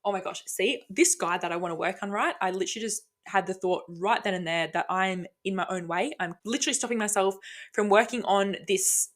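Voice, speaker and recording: A woman's voice: medium pitch, brisk. A woman hosting a casual solo podcast, rambling bluntly with frequent swearing and lots of enthusiasm. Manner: enthusiastic and self-talking. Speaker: podcast host.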